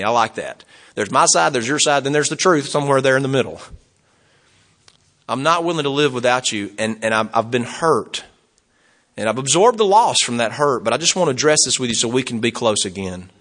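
Animated older male preacher, bright voice. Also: mid-range voice, brisk. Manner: animated, folksy, chuckles often, acts out quoted dialogue. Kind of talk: sermon.

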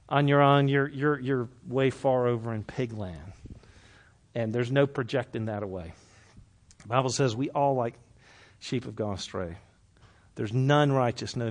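Before a live Bible study group, a man preaches in a chatty, lively manner, joking with the people and quizzing them, then getting soft and low when his points turn earnest.

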